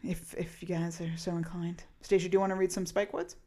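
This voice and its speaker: A woman hosting a podcast in casual chat, animated and prone to swearing and quick outbursts. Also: fairly low pitch. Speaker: podcast host.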